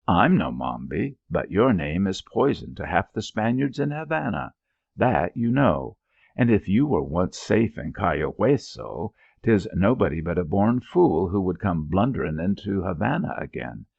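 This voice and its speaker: A weary old widowed landlady, sharp-tongued and nagging, as a man reads her lines. The voice is deep and gravelly with a husky edge. It comes through a dull, lo-fi recording. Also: sing-song, a little slow, no room sound, exaggerated voice. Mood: scolding.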